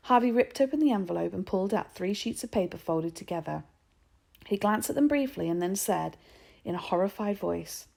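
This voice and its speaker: Gravelly woman reading a children's book. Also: medium pitch, brisk. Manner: clear, expressive storytelling. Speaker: narrator. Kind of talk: reading a children's novel aloud.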